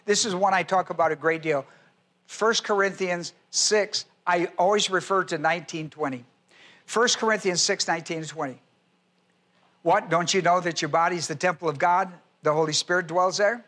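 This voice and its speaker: A male preacher with a high, bright voice teaches a sermon, spelling out words and citing scripture references. He slowly repeats key phrases to emphasize them.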